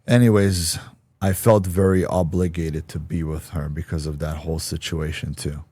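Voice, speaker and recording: A man's voice: a bass voice, steady tone, moderate pace, dark tone, slightly rough, no room sound, studio quality. A man giving an interview, telling a personal story bluntly and acting out the voices of people he quotes. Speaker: interview guest.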